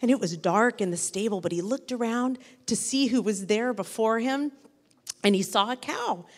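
A woman telling a story to a group of children, animated and asking them questions along the way. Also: a little high, moderate pace, big-room sound.

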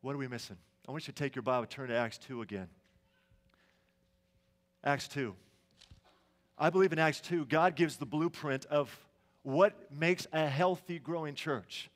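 A man's voice: on the high side, normal speed, pauses often. A middle-aged male pastor preaching a sermon in a church sanctuary, telling stories conversationally and asking the congregation questions.

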